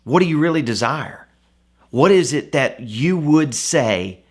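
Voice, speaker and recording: A man's voice: fairly high pitch, expressive, a little slow, slightly rough. A man giving a devotional Bible teaching in a conversational way, often asking the listener rhetorical questions. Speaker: devotional speaker.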